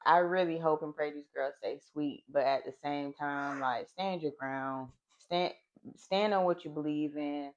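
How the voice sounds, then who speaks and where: A woman's voice: deep voice, measured pace, highs cut off. A woman and mother co-hosting a podcast in casual chat, earnest and emphatic, swearing for emphasis.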